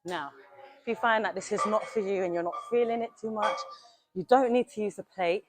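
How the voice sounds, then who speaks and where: A woman's voice: mid-range voice, fairly quick, background noise. A young woman coaching a gym workout in a casual, direct way, a bit out of breath as she demonstrates. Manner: direct, coaching, talks to viewers as "you lot". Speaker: fitness coach.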